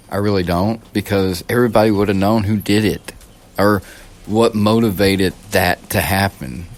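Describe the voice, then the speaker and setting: A low-voiced man from the United States hosting his own podcast. He talks in a loose, rambling monologue that is blunt and profane, and he often restarts his sentences. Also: steady tone, unhurried. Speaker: podcast host. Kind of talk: casual political monologue.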